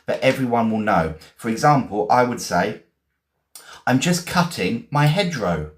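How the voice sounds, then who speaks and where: A man's voice: medium pitch, expressive, moderate pace. Encouraging man teaching vocabulary. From England. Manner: encouraging, repeats and spells words. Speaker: English teacher. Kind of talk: live-stream vocabulary lesson.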